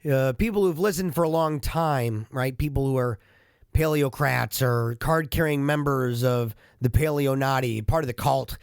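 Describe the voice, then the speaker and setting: A man vlogging in a casual monologue into a studio microphone, chatty, animated and poking fun at himself. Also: fairly high pitch, a little slow, no echo. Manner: chatty, self-mocking and animated. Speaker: vlogger and podcast host. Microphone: studio microphone with headphones.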